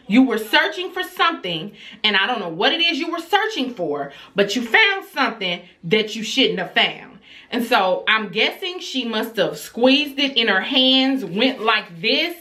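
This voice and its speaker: Animated woman telling a story. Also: mid-range voice. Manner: animated, acts out scolding her child in a raised voice. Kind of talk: casual storytime.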